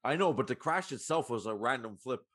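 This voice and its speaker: A man's voice: medium pitch, lively intonation, fairly quick, fairly bright tone. A man co-hosting a podcast, swearing casually and arguing with the others over movie details. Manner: profane, argumentative, challenges the others. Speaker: podcast co-host. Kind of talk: casual movie-review banter.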